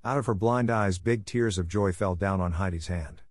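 A man narrating an audiobook in a steady, measured reading. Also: sits low, no room sound, clean studio sound.

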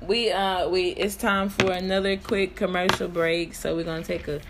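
A woman hosting a casual talk show, relaxed and quick to laugh. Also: on the low side, very noisy. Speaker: podcast host. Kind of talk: casual chat.

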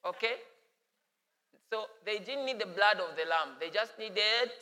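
A man preaching a sermon as pastor, animated and playful. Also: high voice, slow, long reverb tail.

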